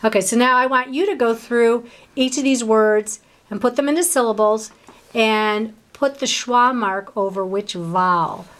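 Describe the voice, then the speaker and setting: A woman's voice: a little high, unhurried, fairly bright tone. Brief: woman teacher, patient, one-on-one tutoring, prompts with questions. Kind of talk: one-on-one reading lesson.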